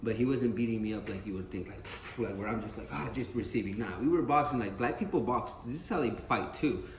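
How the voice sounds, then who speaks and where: A man's voice: lowish voice, fast talker, crowd noise. Rambling, profane man in an echoey room. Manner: rambling, profane, repeats himself. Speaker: storyteller. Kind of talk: casual spoken storytelling. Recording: roomy echo, faint ambience.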